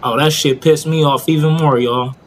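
A man's voice: on the high side, fairly even intonation, normal speed, a little hiss or hum. A man narrating a crime story in casual, profane street slang, often checking in with listeners.

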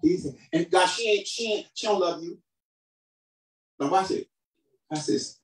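A man preaching a sermon as pastor, calling for responses from the congregation and swinging between shouted emphasis and quiet, low asides. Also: animated, unhurried, long pauses. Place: church hall. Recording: roomy hall sound from a distant mic.

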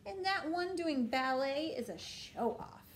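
A woman's voice: animated, measured pace, slight background noise. Woman doing a bossy, spoiled little princess. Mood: picky. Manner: bossy, shrill, whiny demands.

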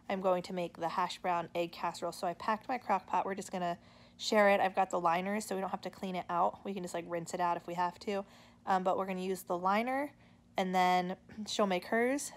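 A young adult woman chatting casually at home about her plans, rambling with lots of fillers. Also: mid-range voice. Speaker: family vlogger and mother. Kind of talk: casual chat to camera. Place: living room sofa at home.

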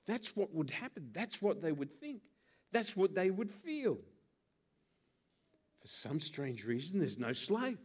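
A man's voice: high voice, unhurried, pauses often, slightly rough. A male pastor preaching a sermon, acting out little scenes with voices. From Australia. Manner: animated, acts out scenes with put-on voices.

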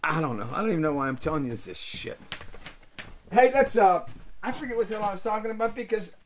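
An older man, host of a show, telling rambling, comic stories in casual chat, swearing freely and swinging from loud to soft. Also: high voice, expressive, fast talker, a little hiss or hum. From Pittsburgh area, USA. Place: small indoor room.

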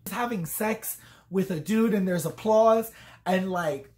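A woman's voice: medium pitch, slow pace, darkish tone. A tipsy woman vlogger giving a rambling comic review, swearing freely and acting out quotes along the way.

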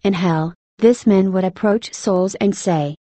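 A woman's voice: medium pitch, unhurried, warm tone, dry recording. A woman narrating a personal religious testimony in an earnest, emotional, scripted way.

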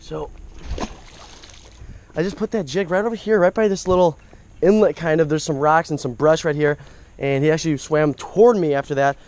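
A man's voice: on the high side, steady tone, normal speed, pauses often, darkish tone, poor audio. A young man vlogging his fishing trip outdoors by a creek, talking into an action camera and exclaiming over each catch. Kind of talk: casual outdoor commentary.

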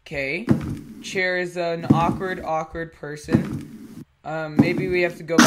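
A YouTuber narrating a horror game from their own room, in a slow, mumbling play-by-play. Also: medium pitch, steady tone. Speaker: gaming YouTuber. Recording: loud background noise.

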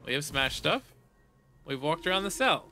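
Playing a game, a man offers casual let's play commentary, reading on-screen text out loud and breaking into silly hums and sound effects. His voice is slightly high for a man, with a very bright, forceful edge, big pitch swings, and a moderate pace.

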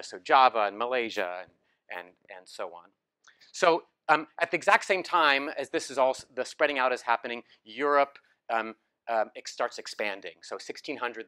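A man's voice: mid-range voice, bright, forceful tone. A man giving a lecture with slides, telling it as a story in a casual way, with many ums and restarts. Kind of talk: academic talk with slides. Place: lecture hall.

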